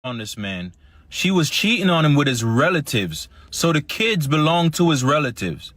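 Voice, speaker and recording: A man reading a news story recap in a steady, matter-of-fact way. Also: a little high, normal speed, no room sound. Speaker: news narrator.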